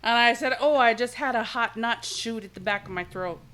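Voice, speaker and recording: A woman co-hosting a podcast, telling an embarrassing story about herself in a loud, profane way, laughing as she goes. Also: a little high, normal speed, very noisy. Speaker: podcast co-host. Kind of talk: casual storytelling chat.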